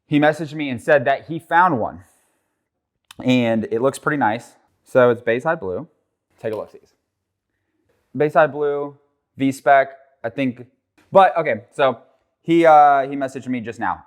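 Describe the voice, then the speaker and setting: A man's voice: medium pitch, a little slow, long pauses. A man vlogging casually, joking around, swearing often and rambling. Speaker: car vlogger. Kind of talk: casual vlog talk.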